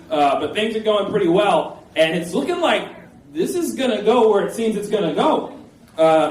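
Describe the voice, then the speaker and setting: A man in his late twenties tells a loose, self-mocking comic story at a live storytelling night, his voice sitting a little high. It rings in an echoey room, picked up from some distance with faint noise underneath. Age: late 20s. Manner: loose, rambling and self-mocking, with many filler words. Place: live stage at a storytelling event.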